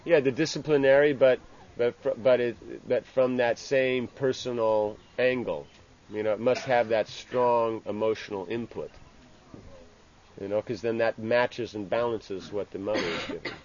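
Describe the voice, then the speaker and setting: A man giving an informal scripture class. He speaks haltingly, restarting phrases and tagging lines with "you know". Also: medium pitch, fairly even intonation, darkish tone. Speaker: religious teacher. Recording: dull lo-fi with faint ambient hiss.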